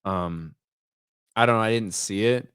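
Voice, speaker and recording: A man's voice: fairly low pitch, a little slow, fairly bright tone, smooth, no room sound, clean studio sound. A male livestream host in casual commentary. He is blunt and profane, repeats words as he starts sentences, and reads chat names aloud. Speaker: host of a live stream.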